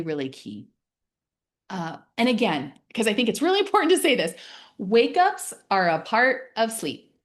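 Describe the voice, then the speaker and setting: Woman teaching a chill wellness class, kinda low voice, chatty and soothing. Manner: soothing, conversational, with lively acted asides. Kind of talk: gentle wellness class talk.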